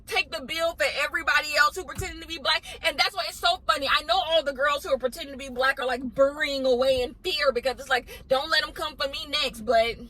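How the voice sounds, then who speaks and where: Woman, high-pitched, sharp bright tone, blunt emphatic rant, vlog commentary host. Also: rough recording. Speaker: commentary vlogger. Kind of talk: ranting commentary.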